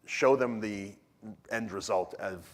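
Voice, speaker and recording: A man giving an energetic, joking talk at a church conference, often restarting his sentences. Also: on the low side, slow. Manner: animated, joking, frequent restarts. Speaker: conference speaker. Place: church hall. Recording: long hall reverb.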